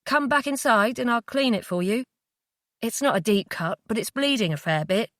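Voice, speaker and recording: A woman voicing an obsessive young man who pleads through tears, his voice breaking and soft. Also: a little high, expressive, moderate pace, dry recording, studio quality. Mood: pleading.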